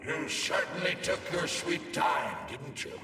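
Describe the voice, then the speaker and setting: A man's voice: on the high side, expressive, a little slow, recorded from a distance, noisy background. An actor playing a weary, sardonic male survivor trapped in a lab. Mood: bitter. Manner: dry, sardonic. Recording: echoey game audio from afar.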